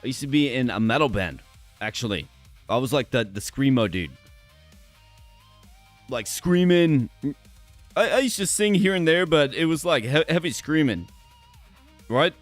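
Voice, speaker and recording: Hoarse man, energetic live streamer, mid-pitched, faint guitar music behind. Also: moderate pace. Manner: energetic, chatty. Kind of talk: casual live stream chat with viewers.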